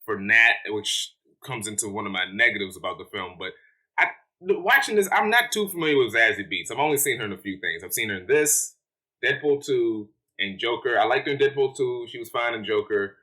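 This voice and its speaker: A man's voice: mid-range voice, big pitch swings, brisk, pushed and bright, rough recording. Casual male movie reviewer, rambling. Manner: rambling, lots of fillers and restarts.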